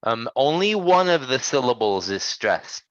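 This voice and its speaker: A man runs a pronunciation lesson and patiently corrects his students. He models each sound slowly and clearly. The recording is dull and lo-fi, and very dry. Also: mid-range voice, big pitch swings, no room sound. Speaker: English pronunciation teacher. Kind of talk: online language lesson.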